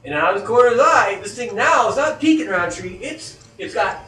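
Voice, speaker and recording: A man spins a spooky tale in casual talk, swearing freely. His pitch runs high and leaps around as he acts out frightened moments. The sound is roomy and distant, with faint noise behind him. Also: fast. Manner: profane, animated storyteller who acts out scared reactions. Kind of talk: casual storytelling. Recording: echoey room heard from a distance.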